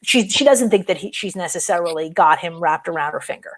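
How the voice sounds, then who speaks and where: A woman's voice: lowish voice, lively intonation. Chatty woman recapping an episode. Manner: chatty recapping, quick self-corrections. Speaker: podcast co-host. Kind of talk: casual chat.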